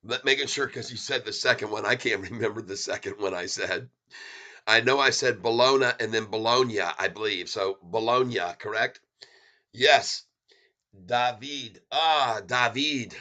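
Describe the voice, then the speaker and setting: Brief: male livestream host, bright and forceful tone, excitable, rambling chat with viewers, chuckles a lot. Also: fairly low pitch, normal speed. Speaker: stock market livestream host.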